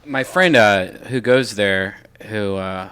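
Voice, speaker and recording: A man chatting casually on a podcast, hesitant and filling pauses with lots of ums. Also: fairly low pitch, fairly bright tone, clear, resonant tone. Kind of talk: casual chat.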